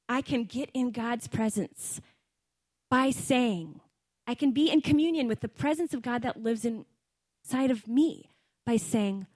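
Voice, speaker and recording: Woman, middle-aged, preaching, earnest, conversational, slightly high voice, dry close sound. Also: a little slow, darkish tone, no room sound. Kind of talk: sermon.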